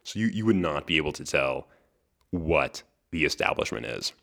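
Alone on his podcast, a young man spins a casual story, chatting freely, laughing often and restarting words. He speaks at normal speed in a rumbling low, expressive voice with a sharp tone.

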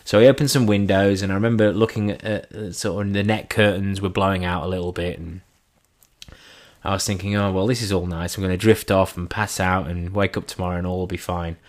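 A man with a fairly low voice tells a story about himself in an animated way. He voices his own lines and his friends' lines as quoted speech, so the telling stays lively. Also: a little fast. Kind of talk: first-person anecdote.

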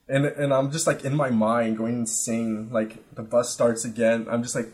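A man's voice: mid-range voice, normal speed, hardly any pauses. A young man casually telling a long story on a podcast, rambling and swearing, with lots of "like" and "you know". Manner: rambling, profane, animated retelling with quoted voices. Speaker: podcast guest.

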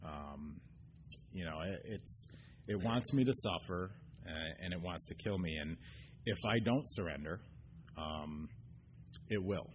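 A man telling his recovery story at a meeting, earnest and halting, full of ums and restarts. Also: low voice, a little hiss or hum. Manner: earnest, getting choked up. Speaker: AA meeting speaker. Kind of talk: personal recovery share. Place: meeting room.

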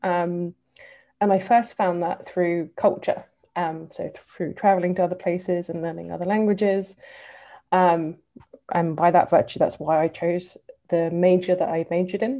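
A woman's voice: lowish voice, mellow. A woman in her thirties with an English accent, answering interview questions thoughtfully, with lots of ums. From England. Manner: thoughtful, many ums and kind ofs. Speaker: guest, civil servant. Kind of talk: interview answers, casual talk.

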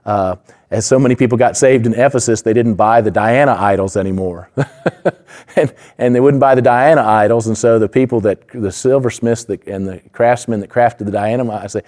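A preacher delivers a sermon in an earnest, conversational manner. His voice sits low and mellow. He leans on asides and fillers as he talks. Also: a little fast. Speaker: pastor.

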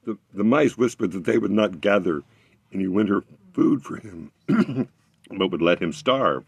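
A man reading a fairy tale aloud, expressive, with occasional slips he corrects as he goes. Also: on the low side, unhurried, gravelly, slightly rough, dry recording. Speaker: storyteller.

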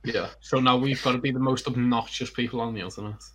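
A man's voice: mid-range voice, fairly even intonation, fast talker. A young man co-hosting a podcast with friends, chatting casually and teasing the others. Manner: teasing, jokey. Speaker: podcast co-host. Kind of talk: casual chat.

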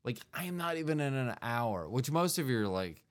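A man's voice: medium pitch, very animated, a little fast. A man hosting a solo podcast in a rambling, digressive comedic monologue, full of fillers and playful mouth sound effects. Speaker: podcast host.

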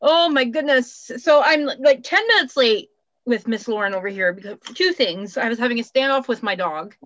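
A woman's voice: on the high side, normal speed, fairly bright tone, no room sound. Chatty rambling woman, muffled dry sound. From Canada. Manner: rambling, self-deprecating, swears casually. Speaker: podcast co-host. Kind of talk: casual chat. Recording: muffled dry home recording.

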